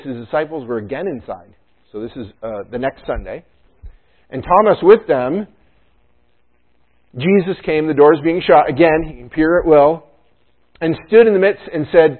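Male pastor, casual joking sermon delivery, thin phone-line sound, mid-pitched voice. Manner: casual, chatty asides and jokes. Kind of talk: conversational sermon.

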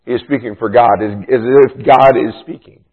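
A man's voice: medium pitch, steady tone, normal speed, husky. A man preaching a sermon as pastor, explaining a passage in an emphatic, teaching manner. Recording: tinny phone-like sound.

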